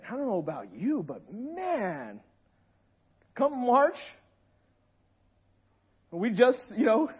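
High-voiced husky male preacher. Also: wildly swooping pitch, slow, pauses often, lo-fi sound. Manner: impassioned, swells from hushed to near-shouting. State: hoarse. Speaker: pastor. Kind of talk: sermon. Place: room with a gathered congregation.

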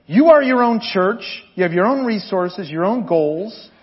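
A man delivers a sermon with a high, bright-edged voice. He tells lively stories and jokes with his congregation. The church recording sounds dull and lo-fi. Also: a little slow. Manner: animated storytelling, jokes with the congregation. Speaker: pastor.

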